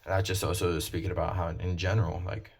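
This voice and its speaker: A man casually explaining his own song lyrics in a flat, low-emotion way, with many fillers. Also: fast, creaky, slightly rough.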